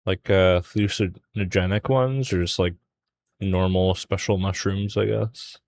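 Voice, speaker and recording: A man's voice: low-pitched, fairly even intonation, measured pace, darkish tone, dry recording. A young man streaming a drawing session, rambling through a casual story with lots of fillers. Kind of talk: casual chat while drawing.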